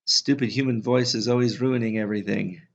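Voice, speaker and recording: A man's voice: medium pitch, steady tone, moderate pace, lightly acted. A man voicing a charming, playful teenage boy who talks in an easygoing, teasing way. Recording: slightly dull lo-fi audio.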